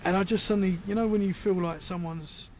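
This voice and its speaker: A man's voice: sits high, steady tone, fast, a little mellow, slight background noise. A man with a British accent, a podcast guest chatting casually and telling rambling stories that he keeps correcting as he goes. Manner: rambling, self-correcting storyteller. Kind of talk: casual chat.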